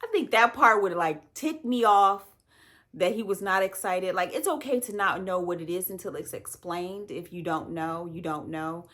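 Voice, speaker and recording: Chatty female book reviewer, animated and outspoken, a touch low in pitch. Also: moderate pace. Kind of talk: casual spoken book review.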